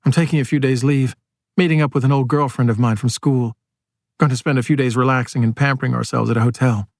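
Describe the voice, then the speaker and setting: A man's voice: medium pitch, fairly even intonation, fast talker, no room sound, clean studio sound, natural voice. A man reading aloud and voicing a young woman army captain who gives short, guarded answers in a slightly raised voice.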